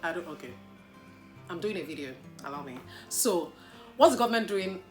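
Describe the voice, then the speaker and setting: A Nigerian woman answering viewer questions in a casual vlog, animated and playful, with teasing mock-indignant asides. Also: lowish voice, moderate pace, soft background music.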